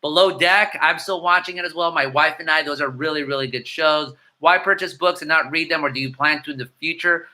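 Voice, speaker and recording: A middle-aged man, casually answering viewer comments with irreverent, rapid-fire banter and slipping between Spanish and English. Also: on the high side, bright, forceful tone. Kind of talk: casual live-stream chat.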